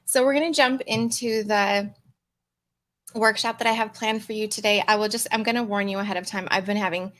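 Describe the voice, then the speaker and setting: A woman's voice: medium pitch, fairly quick. Chatty woman hosting a livestream. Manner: warm, chatty and upbeat, greets viewers by name; relaxed, chewing mints between words. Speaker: host and coach running a live challenge. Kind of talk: casual livestream chat, greeting commenters. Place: home room with a fan, livestream.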